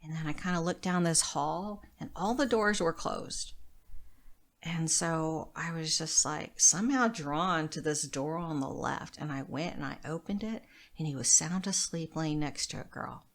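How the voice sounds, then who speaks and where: A woman's voice: low voice, measured pace. A woman in her thirties, a podcast guest, candidly telling a personal story in casual chat and acting out what people said. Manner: candid, lively retelling with quoted dialogue.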